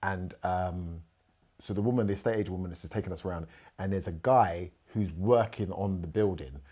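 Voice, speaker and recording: A middle-aged man with a husky, slightly breathy voice. He sits in as a podcast guest and tells a frank story from his life, full of feeling. He acts out the other people's lines as he goes. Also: sits low, normal speed, warm tone. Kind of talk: candid storytelling chat.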